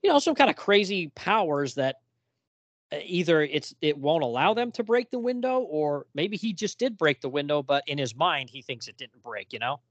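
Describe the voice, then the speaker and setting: A man's voice: fairly high pitch, lively intonation, moderate pace, no echo, dull audio. A man co-hosting a podcast, chatting casually about a comic and laughing often. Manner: chatty, laughs often, reads quotes aloud. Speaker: podcast co-host. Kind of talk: casual chat reviewing a comic.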